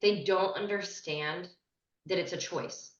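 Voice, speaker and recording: Woman, coach and host, joking asides, echoey room, muffled sound. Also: lowish voice. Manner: quick, laughing asides and caveats. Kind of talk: casual interview chat.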